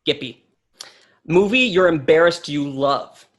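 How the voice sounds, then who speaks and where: A man's voice: a little high, a little slow, a bit bright, highs cut off. Playful, enthusiastic male interview host. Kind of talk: casual interview chat.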